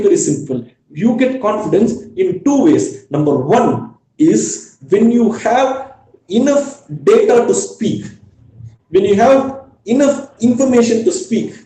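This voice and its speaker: A man with a Tamil-influenced Indian English accent, giving an earnest career lecture in a webinar, repeating key points and pausing on fillers. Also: high-pitched, big pitch swings, mellow, reverberant, low-quality recording. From Tamil Nadu, India. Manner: earnest, repetitive, frequent fillers. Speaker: webinar speaker.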